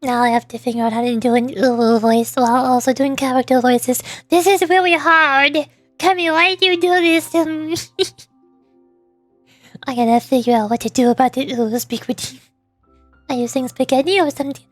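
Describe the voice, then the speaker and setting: A woman streaming and chatting casually with viewers, talking fast when excited and laughing often. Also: sits high, no echo, soft background music. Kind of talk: casual livestream chat.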